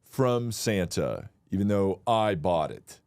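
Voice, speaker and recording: A low-pitched man riffing on a comedy podcast, crude and animated. He keeps slipping into high, mocking voices for the people in his stories. The recording is close and dry, with no room sound. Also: slow, no echo. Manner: profane, acts out shrill voices in anecdotes. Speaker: podcast co-host. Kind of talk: casual comedic chat.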